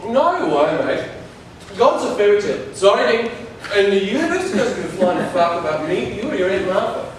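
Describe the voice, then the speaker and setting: A man's voice: sits high, sing-song, moderate pace. An actor playing a crude, cocky young Australian man in an amateur stage play, recorded from far off in an echoey hall. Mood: brash. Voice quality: brash, swearing, cocky. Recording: distant echoey hall with noise.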